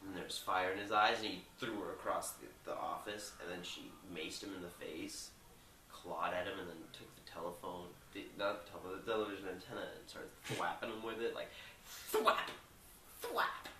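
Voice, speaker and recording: A man's voice: deep voice, steady tone, normal speed, sharp tone, reverberant, recorded from a distance, slight background noise, low-quality recording. A young man loosely retelling a movie plot, rambling with lots of filler words. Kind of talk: rambling casual movie recap.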